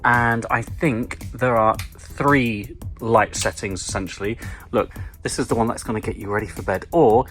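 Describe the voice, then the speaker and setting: A man's voice: fairly low pitch, normal speed, a bit bright, soft background music. A man presenting a travel vlog, joking and theatrical as he walks through an airport and into a tiny hotel cabin. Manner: playful, theatrical, self-mocking. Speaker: travel vlogger.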